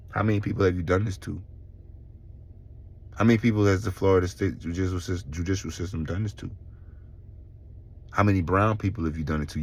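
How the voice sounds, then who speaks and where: A middle-aged man, telling his own story in a casual vlog, animated and swearing, acting out other people's voices. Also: deep voice, creaky. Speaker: vlogger.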